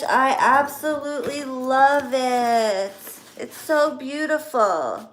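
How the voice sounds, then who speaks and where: A thirty-something woman speaks slowly to her audience as she unwraps birthday gifts, full of grateful, gushing thanks. Her medium-pitched voice has a slightly bright quality, and there's some faint hiss or hum.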